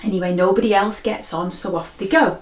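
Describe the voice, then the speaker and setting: A woman's voice: medium pitch, fairly even intonation, fairly quick. A woman, a mind coach telling a story and explaining in a friendly, conversational way. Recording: roomy echo.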